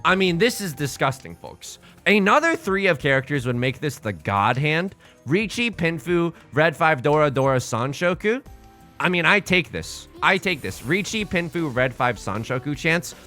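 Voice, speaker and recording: A young man live-streaming a tile game, bantering with chat in a rambling, jokey way and swinging between shouts and mutters. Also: on the high side, very animated, moderate pace, soft background music.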